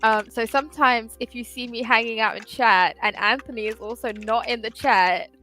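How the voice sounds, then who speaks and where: A woman's voice: a little high, steady tone, normal speed, sharp tone, soft background music, rough recording. Chatty woman hosting a live stream. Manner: chatty, self-deprecating, many "like" fillers. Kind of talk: casual live-stream chat.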